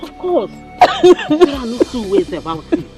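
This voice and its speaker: An actress with a Nigerian accent playing a calm, assured mother who reassures a distressed friend, in a film drama. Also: high-pitched, measured pace, faint music behind. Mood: reassuring. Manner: calming, reassuring. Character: soothing, assured mother of a prince's rival. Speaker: actor.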